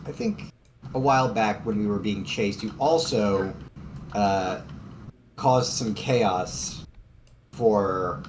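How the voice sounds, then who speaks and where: A man with a Boston accent plays his character in an online tabletop game, coaxing and persuading. His voice swings widely in pitch, with faint background noise on the line. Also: animated, slow pace. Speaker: player. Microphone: online voice chat.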